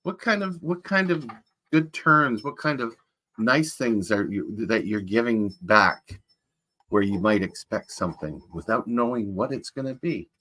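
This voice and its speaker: A man playing Santa Claus, chatting to children in a rambling, folksy way with a husky voice. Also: on the low side, a little slow, bright, forceful tone. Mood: jolly. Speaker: Santa performer greeting children. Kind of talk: casual in-character chat.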